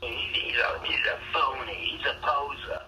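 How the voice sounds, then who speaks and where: A man co-hosting a podcast in casual chat, animated and repeating words as he thinks aloud. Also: medium pitch, moderate pace. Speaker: podcast co-host. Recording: distant mic with noticeable background noise.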